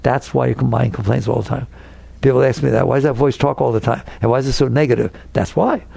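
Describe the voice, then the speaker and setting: Inspirational talk from a guy teaching spirituality, super gravelly voice, dry close sound, very lively delivery. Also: mid-range voice, fast, dry recording. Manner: animated, acts out neurotic inner voices.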